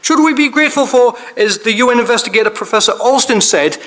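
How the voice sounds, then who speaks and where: A man speaks in a council chamber, his voice sitting high. He is plainly angry, driving his speech forward with one repeated rhetorical question after another. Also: fast, fairly bright tone.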